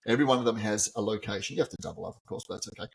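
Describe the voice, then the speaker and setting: A man's voice: lowish voice, very fast, gravelly. A man teacher co-hosting a podcast, chatting casually and chuckling at his own jokes. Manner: chuckling, joking. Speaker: co-host, teacher.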